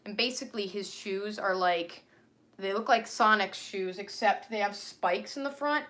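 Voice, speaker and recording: A woman's voice: medium pitch, normal speed, fairly bright tone. A young woman chatting casually on a livestream about her character, rambling with many fillers and restarts.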